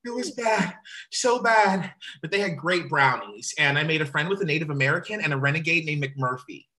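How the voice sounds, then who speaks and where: A woman's voice: sits low, brisk. An actress playing a jittery young man. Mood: rambling. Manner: anxious, excitable, outbursts. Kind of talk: comic play reading. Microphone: video call.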